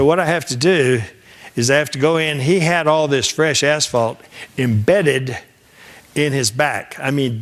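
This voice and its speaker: A man's voice: mid-range voice, fairly bright tone. An older man lecturing a class on legal damages. He tells a case story in a folksy way, acting out the voices in it and restarting sentences as he goes. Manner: folksy anecdotal delivery, acts out dialogue, frequent restarts. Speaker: trial lawyer teaching a seminar.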